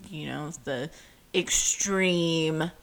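A woman's voice: deep voice, very slow, vocal fry. A woman co-hosting a casual show recap, blunt and swearing freely, with dry jokes. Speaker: podcast co-host.

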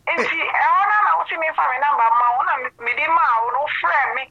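Ghanaian woman, high voice, animated storyteller in casual chat, slightly muffled audio. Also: fast. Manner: animated storyteller, acts out quoted dialogue. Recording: muffled audio with faint noise.

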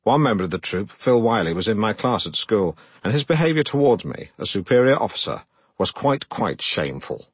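An actor playing a pompous, self-regarding middle-aged broadcaster who narrates his own memoir in a deadpan way. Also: lowish voice, fairly quick, breathy edge, no echo, exaggerated voice. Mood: self-important. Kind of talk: comic audiobook narration.

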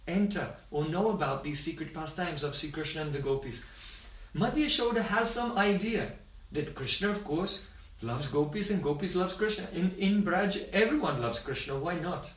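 A man, a spiritual teacher, giving a devotional talk as a storyteller who often checks in with his listeners. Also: high-pitched. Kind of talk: devotional discourse. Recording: roomy, distant mic.

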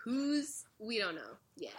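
A woman's voice: medium pitch, huge pitch swings, takes it slowly, a little hiss or hum. A young woman casually recapping a show for a podcast, acting out the characters' lines and laughing often. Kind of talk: casual chat.

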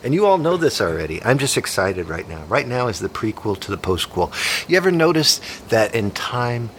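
A man in his fifties hosting a comedy podcast, rambling excitedly and joking. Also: mid-range voice, a little fast, a little hiss or hum. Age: 50s. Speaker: podcast host.

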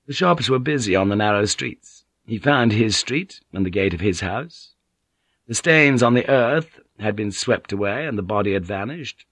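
A man reading a novel aloud as a narrator, measured and even. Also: fairly low pitch, breathy edge, no room sound, studio quality. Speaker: audiobook narrator. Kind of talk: scripted narration.

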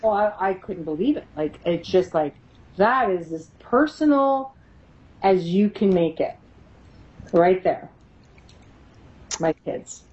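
A woman's voice: medium pitch, animated, slow, long pauses, darkish tone, highs cut off, slight background noise. A middle-aged woman being interviewed about her paranormal investigation work, telling stories animatedly, laughing often and acting out the voices she quotes. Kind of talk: casual storytelling in an interview.

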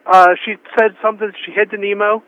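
A man's voice: high voice, little pitch movement, fast talker, background noise. A man working as a store clerk, answering the phone patiently and a little hesitantly. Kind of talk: phone call. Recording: tinny phone line.

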